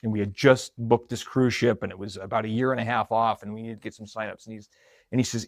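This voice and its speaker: A man's voice: on the low side, steady tone, quick pace, no room sound, studio quality. A man, probably middle-aged, telling a personal story in a conversational, reflective way. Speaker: marketing coordinator.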